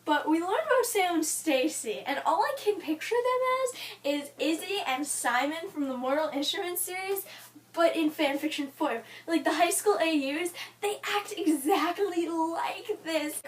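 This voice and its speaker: A young woman chatting about a book she loves, gushing and giggly, rambling in an animated fangirl way. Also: high voice, moderate pace, far from the mic. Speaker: book vlogger. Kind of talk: casual book review chat.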